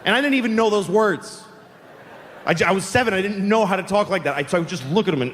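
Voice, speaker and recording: A man in his forties telling a stand-up story in a profane, deadpan way, live on stage before an audience. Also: sits high, quick pace, slight background noise. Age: 40s. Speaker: stand-up comedian. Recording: live hall recording with long reverb.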